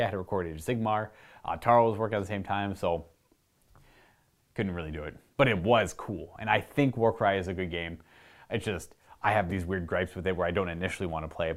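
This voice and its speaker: Chatty Canadian man, slightly low voice. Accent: Canadian (Ontario). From Canada, Ontario. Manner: rambling, chatty, with frequent restarts and asides. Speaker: host answering viewer questions. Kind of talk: casual chat to camera.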